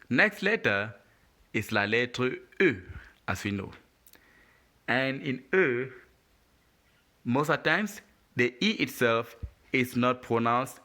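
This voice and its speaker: A man teaching French pronunciation letter by letter, patient and deliberate. He says each word, asks the listener to repeat it, and praises them. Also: mid-range voice, pushed and bright. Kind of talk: slow, deliberate language lesson.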